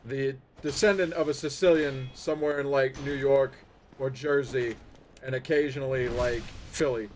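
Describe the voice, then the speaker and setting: A man chatting on a live game stream with a wry, teasing manner. His voice sits at a middle pitch, and his talk wanders from jokes to deadpan asides. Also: normal speed, a little hiss or hum. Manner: wry, teasing, tells a bad joke with relish. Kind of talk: casual banter on a live stream. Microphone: headset.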